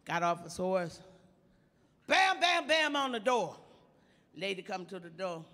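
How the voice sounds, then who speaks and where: An actress playing an elderly woman stand-up comic, telling folksy jokes with slow, sly punchlines on a theater stage. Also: medium pitch, sing-song, bright, forceful tone. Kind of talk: live stand-up comedy routine in a play. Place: theater stage before an audience. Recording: long hall reverb of a live theater.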